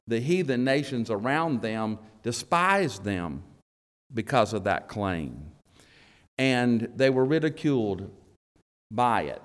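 A male preacher delivers a sermon at an unhurried, measured pace, leaning into key words and letting long pauses hang between phrases. His voice sits in an ordinary middle register. The sound carries a long reverb, as if heard in a large church sanctuary. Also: medium pitch, animated. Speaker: elder preaching to his congregation.

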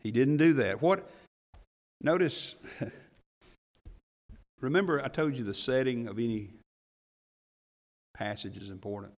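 A middle-aged man preaching a sermon as pastor, telling the story with animated voices. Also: medium pitch, measured pace, long pauses, in a large hall.

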